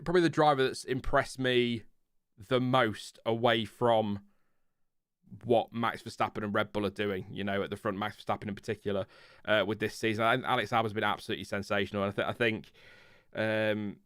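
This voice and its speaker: A man's voice: fairly low pitch, steady tone, fairly quick, fairly bright tone, clear, resonant tone, no echo, studio quality. A man with a Lincolnshire accent hosting a casual live F1 chat stream, rambling and restarting his sentences, chuckling at his own tangents. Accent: Lincolnshire English. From Lincolnshire, England. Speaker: F1 channel host.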